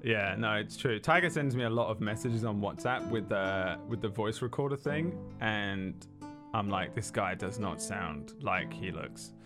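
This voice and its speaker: Playful joking game master. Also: male voice, fairly low pitch, over music. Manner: playful, joking, fast self-mocking asides. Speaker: game master and stream host. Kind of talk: casual banter opening a tabletop stream.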